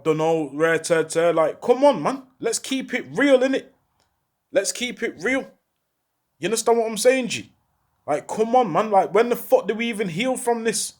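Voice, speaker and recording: Urgent high-voiced talker. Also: male voice, brisk. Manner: urgent, repeats rhetorical questions, heavy street slang. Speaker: former prisoner speaking out. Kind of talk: impassioned monologue to camera.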